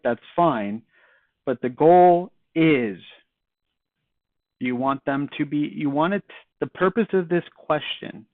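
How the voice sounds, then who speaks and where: A man's voice: fairly high pitch, no echo. Male sales trainer, casual and conversational, acts out call lines; tinny narrow-band audio, dry.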